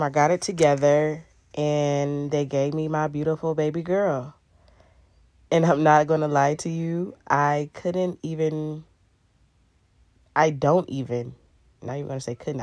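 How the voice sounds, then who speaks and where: Speaking in a deep, darkish voice on a dry recording, a young vlogger casually recounts something that happened to her, sprinkling in lots of "um" and "I'm like" asides.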